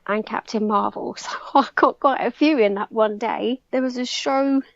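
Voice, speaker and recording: Chatty English woman with a gravelly edge. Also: on the high side, normal speed, no room sound, highs cut off. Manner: chatty, fillers like "like", excited storytelling. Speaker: podcast guest. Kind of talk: casual chat.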